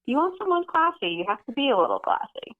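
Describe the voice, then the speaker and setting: A woman's voice: sits high, sing-song, quick pace. A woman calling in to a live stream, chatting with wry, dry humor. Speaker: caller. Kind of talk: call-in chat. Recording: tinny phone line.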